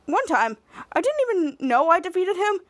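A smug, pompous villain doctor who brags endlessly about himself, as a woman puts him on. The voice sits high, and the telling moves at a conversational clip. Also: big pitch swings, normal speed, no echo. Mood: boastful. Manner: pompous, self-praising. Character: boastful male villain doctor, smug and vain.

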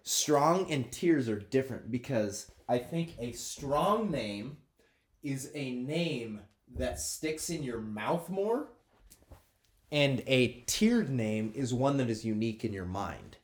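A man's voice: medium pitch, animated, slow. A man from the northern United States, co-hosting a casual podcast chat and joking around. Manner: laughing, jokey, slips into playful put-on voices. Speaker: podcast co-host.

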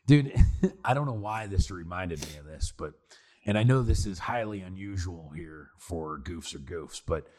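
A man co-hosting a podcast in casual banter, animated and profane, full of "dude" and "like". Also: low-pitched. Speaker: podcast co-host.

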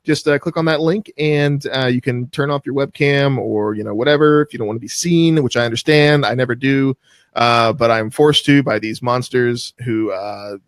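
A man's voice: mid-range voice, normal speed, dry recording, studio quality. A man hosting a call-in podcast, joking around loosely and laughing often, on a video call. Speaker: podcast host. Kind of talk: casual call-in show chat.

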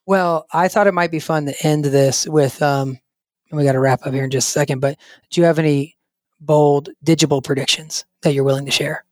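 A man's voice: on the high side, fairly even intonation, a little fast, no room sound, clean studio sound. Man with a weak, strained voice. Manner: rambling, loose, steers the talk. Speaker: podcast co-host. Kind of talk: casual podcast chat.

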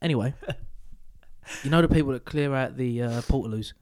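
A man's voice: medium pitch, moderate pace, darkish tone, slight background noise. A young man co-hosting a podcast, chatting casually, swearing freely and breaking into mock singing and laughter. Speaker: podcast co-host. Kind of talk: casual banter.

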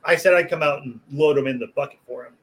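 A man's voice: mid-range voice, fast talker. A man who works as a butcher, telling a rowdy story in casual chat. He swears freely, laughs as he goes and raises his voice to act out what others said. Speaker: butcher and podcast guest.

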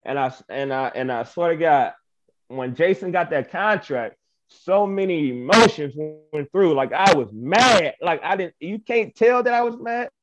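A young man from Michigan, a wrestling guest, tells his story in a casual, lively way, slipping into the voices of the people in it and laughing along. His voice sits a little high. The audio is dull and lo-fi. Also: a little slow. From Michigan, USA. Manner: animated, acts out quoted exchanges, laughs often. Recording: muffled lo-fi audio.

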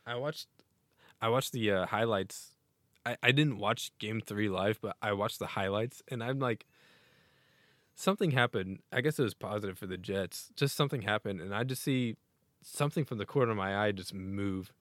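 Excitable rambling man, low dry voice. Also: moderate pace, no room sound. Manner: excitable, rambling, laughs often. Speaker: podcast co-host. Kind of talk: casual sports chat.

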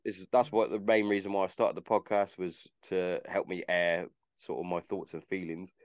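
A man's voice: low voice, level tone, normal speed, no room sound, highs cut off. A man hosting a podcast, chatting casually in a rambling way and swearing freely. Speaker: podcast host. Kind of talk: casual chat.

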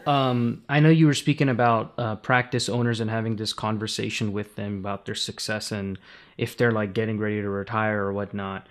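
A man hosting a podcast, asking questions in a thoughtful way, with fillers and pauses. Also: fairly low pitch, level tone. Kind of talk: interview questions.

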